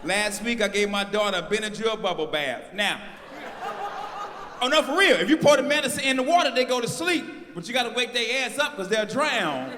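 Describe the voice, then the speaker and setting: A man from North Carolina doing a stand-up comedy set, telling stories loudly and teasing the crowd. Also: high-pitched, brisk. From North Carolina, USA. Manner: loud, animated storytelling, talking to the crowd. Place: stage of a live comedy show. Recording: echoey venue with long reverb.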